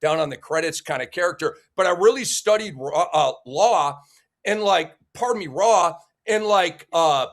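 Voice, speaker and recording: Excitable high-voiced male show host with a cold. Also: moderate pace. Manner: enthusiastic, jokey, with frequent fillers and restarts. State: head cold. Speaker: sports debate show host. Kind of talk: casual talk-show hosting.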